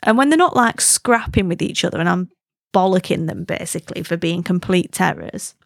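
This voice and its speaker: A woman's voice: on the low side, expressive, normal speed, vocal fry, no room sound, studio quality. Chatty woman podcaster. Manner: chatty, rambling with slang and self-deprecating asides. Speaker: podcast host. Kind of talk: casual chat.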